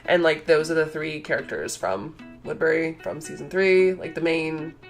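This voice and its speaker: A young adult woman vlogger telling a story in an excited, gushing, chatty way, full of fillers. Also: deep voice, normal speed, soft background music.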